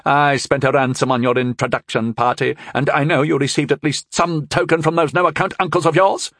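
A man's voice: on the high side, steady tone, a little fast, fairly bright tone, no room sound, clean studio sound, pitched above the performer's own voice. A man voicing a furious, scheming middle-aged noblewoman who shrieks and scolds, in an audiobook reading. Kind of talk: audiobook character voice.

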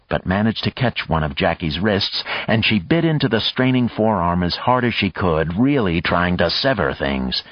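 A man narrating an audiobook in a measured, even storytelling manner. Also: on the low side, no room sound, highs cut off. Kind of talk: scripted narration.

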